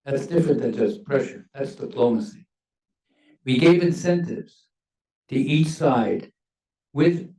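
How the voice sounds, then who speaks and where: An older former diplomat speaks on a university panel with a gravelly, mellow voice. He is measured and emphatic, leaning hard on key words. He sounds a little off-mic in an echoey hall. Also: medium pitch, distant mic. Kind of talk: panel discussion remarks.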